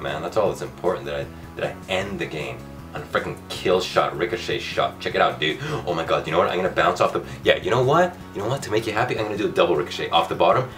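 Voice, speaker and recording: Loud ranting man doing gameplay commentary, low voice with wild swings, a bit far from the mic, game music behind. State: voice going hoarse. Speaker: gaming video host.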